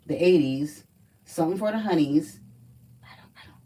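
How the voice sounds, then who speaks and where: A woman's voice: low-pitched, normal speed, long pauses, dark tone, distant mic, rough recording. A woman doing a casual live card reading, blunt and profane as she chats through each card. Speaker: livestream card reader.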